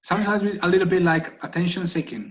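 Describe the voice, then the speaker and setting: A man's voice: sits high, a little fast, rough recording. A man leading an online meeting for guide dog volunteers, talking casually and checking in with the group after almost every point. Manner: chatty, keeps checking in with "okay?". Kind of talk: casual instructive talk on a video call. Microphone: video call.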